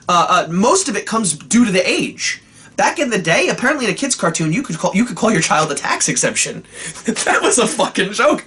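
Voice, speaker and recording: A man's voice: fairly high pitch, a bit bright, breathy edge. A man reviewing an old cartoon in a sarcastic, exasperated rant full of swearing. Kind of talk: ranting comedic review.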